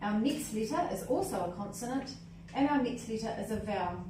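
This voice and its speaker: A woman's voice: on the high side, lively intonation, a little fast. A woman leading a hands-on teaching workshop as a literacy trainer, upbeat and often checking in with "okay?" and "cool?". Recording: echoey room, mic at a distance, faint noise.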